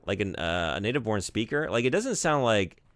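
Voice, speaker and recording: A man's voice: fairly low pitch, very animated, brisk, a bit bright, no room sound. A man streaming a video game, chatting casually and rambling with lots of fillers and the odd swear. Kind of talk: casual gaming stream chat.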